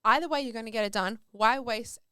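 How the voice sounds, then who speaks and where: A woman's voice: a little high, fairly quick, sharp tone, clean tone, no echo, studio quality. A woman, a podcast guest chatting casually, laughing often and filling with "like" and "um". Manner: chatty, laughs often, many likes and ums. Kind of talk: casual chat.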